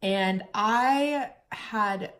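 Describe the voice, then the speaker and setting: A woman's voice: mid-range voice, drawn-out words, fairly bright tone. Candid young woman vlogging. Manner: candid, chatty, fighting back tears at times. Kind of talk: personal vlog storytelling.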